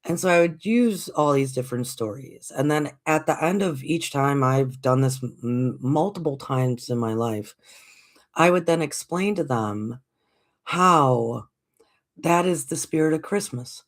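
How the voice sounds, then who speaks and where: A woman in her forties tells a story in a relaxed, easygoing way. She talks slowly and acts out the voices of the people in her story. She laughs often as she goes. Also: very deep voice. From United States. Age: 40s. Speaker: livestream host. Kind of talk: casual storytelling.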